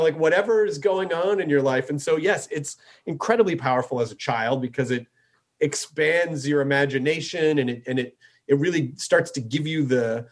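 A man hosting a casual chat, enthusiastic and loose, with plenty of fillers and casual swearing. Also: a little high. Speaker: podcast host.

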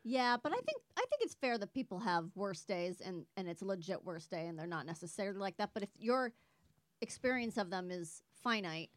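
A woman's voice: medium pitch, sing-song, a little fast, no room sound. A woman guest on a podcast, chatting casually and agreeably. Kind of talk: casual chat.

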